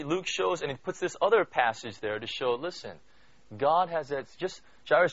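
A Bible teacher with a fairly high voice delivers a conversational Bible study sermon, asking listeners questions and filling his speech with "you know" and "right?" The recording is dull, lo-fi, and dry, with no room sound.

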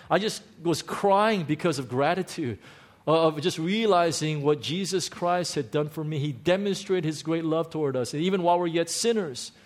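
A male pastor with a somewhat high voice delivers a raw testimony sermon. He stumbles, restarts and repeats words as he goes. His delivery swings between quiet, low confession and loud, lifted exclamation. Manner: emotional, halting, many restarts, swings between hushed and exclaiming.

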